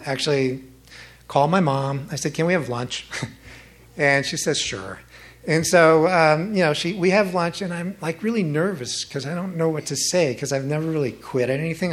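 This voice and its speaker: A man telling a personal story at a live storytelling event, animated and chuckling at his own asides. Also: a little high, moderate pace.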